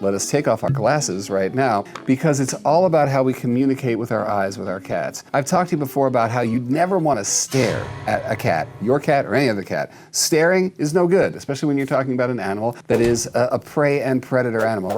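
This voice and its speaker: A man's voice: medium pitch, a little mellow. A man hosting a casual video, explaining cat care to the camera in a chatty, demonstrative way with loose restarts. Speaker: host giving cat-care advice. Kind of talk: casual instructional talk to camera.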